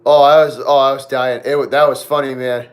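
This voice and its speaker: A man's voice: medium pitch, little pitch movement, fairly quick. A young man hosting a live Q&A stream, chatting casually with viewers, repeating himself often and laughing a lot. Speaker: livestream host.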